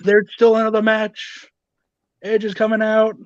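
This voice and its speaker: Guest guy on a podcast, bit high voice, dull muffled dry sound like a remote call. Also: monotone, measured pace, no room sound. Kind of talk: casual review chat.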